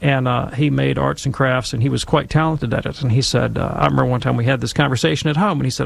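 A man talking casually and emphatically, telling stories and giving commentary in an animated, conversational way. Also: mid-range voice, fast talker, gravelly, hardly any pauses.

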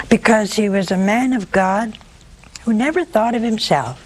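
A woman's voice: on the high side, expressive, moderate pace, slight background noise, rough recording. A woman with a sore throat telling an audience the story of a saint, breaking in with homely, humorous asides. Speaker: religious storyteller.

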